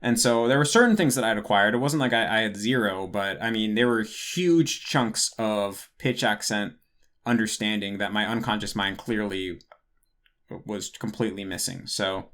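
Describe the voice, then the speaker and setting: A young man hosts a casual Q&A monologue, answering patron questions in a rambling way, often correcting himself and dropping lots of "like" fillers. His voice sits on the low side, a bit bright, at a normal speed.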